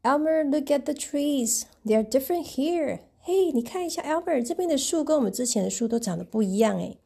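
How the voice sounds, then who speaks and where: A woman voicing excitable, childlike elephants in a storybook reading, exclamatory and easily amazed. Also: sits high, brisk, creaky, pitched above the performer's own voice. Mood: curious.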